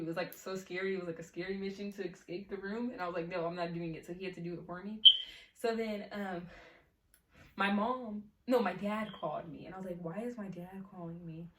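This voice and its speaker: A woman's voice: medium pitch, distant mic. A teenage girl telling a casual storytime, chatty and full of fillers. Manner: chatty, many fillers, laughs often. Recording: echoey room, mic set back, faint hiss.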